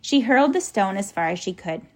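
A woman narrating a children's storybook in a soft, even, descriptive manner. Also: medium pitch, a little fast. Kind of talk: audiobook storytelling.

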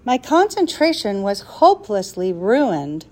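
A woman's voice: medium pitch, big pitch swings, measured pace, darkish tone. A woman voicing a flustered, worried old male professor who talks anxiously and with exasperation in a storybook reading. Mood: fretful.

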